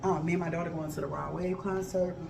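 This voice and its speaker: This vlogger, a woman in her thirties, speaks quickly in a lowish, gravelly, steady voice with background noise behind her. While cooking in her home kitchen, she chats candidly and emphatically to viewers, loose and colloquial, often repeating herself to stress a point.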